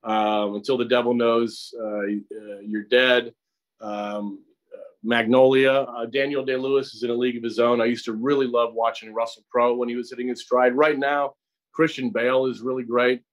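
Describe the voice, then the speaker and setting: A middle-aged American man talking through his craft as an interview guest. He is an actor and teacher with a mid-pitched voice, and he explains things at length. He often restarts his sentences and repeats words as he goes. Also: flat delivery, moderate pace, low-quality recording. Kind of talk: conversational interview. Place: acting studio.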